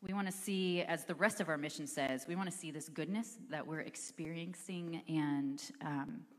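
A woman's voice: sits low, moderate pace, big-room sound. A woman preaching a sermon in a church, speaking in a conversational, earnest way with casual fillers. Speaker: pastor. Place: church sanctuary.

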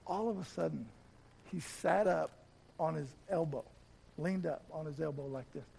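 A middle-aged man preaching a sermon as pastor, telling a personal story, often repeating words and growing soft and slow at tender moments. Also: a little high, a little hiss or hum. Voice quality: gravelly. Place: church.

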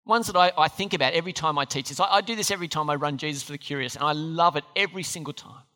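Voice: medium pitch, racing, bright, forceful tone. A preacher giving a sermon, speaking with emphasis and putting questions to the listeners. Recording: long hall reverb.

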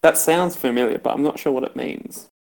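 A man's voice: medium pitch, a little fast, creaky, darkish tone. A man chatting casually and sounding hesitant and unsure. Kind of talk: casual chat.

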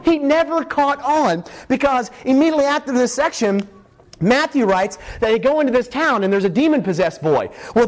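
A man preaching a humorous sermon, retelling Bible stories and acting out the characters in quick playful voices. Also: very high-pitched.

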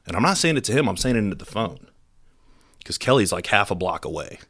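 Deep-voiced man telling a story. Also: brisk. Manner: animated, casual, self-deprecating. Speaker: police officer telling a story. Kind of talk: storytelling to an audience.

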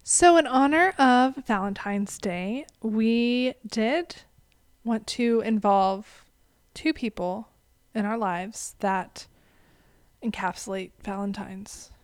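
A woman co-hosting a podcast with a slightly high voice, recorded dry and close. She chats casually and backs up her partner with frequent agreeing murmurs. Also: slow pace, clean tone, no echo. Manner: agreeable, lots of mm-hmms, laughs. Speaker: podcast co-host. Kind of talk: casual chat.

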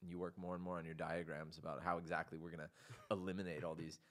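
A man with a bright, forceful voice hosts a relaxed comedy chat. He tells stories with lots of energy and acts out the voices of the people in them. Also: sits low, fast. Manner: animated storytelling, acts out quotes. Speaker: podcast host.

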